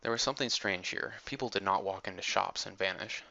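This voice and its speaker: A man reading an adventure audiobook in a measured, steady storytelling manner, on a dull lo-fi recording. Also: low voice, vocal fry. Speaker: audiobook narrator. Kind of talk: audiobook narration.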